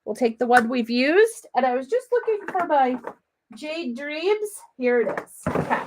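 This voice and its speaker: A middle-aged woman leads a live crafting demo from her home craft room. Her voice sits a bit high and swoops all over as she chats on, bubbly and sniffly with a slight cough. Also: big pitch swings, unhurried, a little mellow, slight background noise. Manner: chatty, bubbly and talkative. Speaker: papercraft demonstrator.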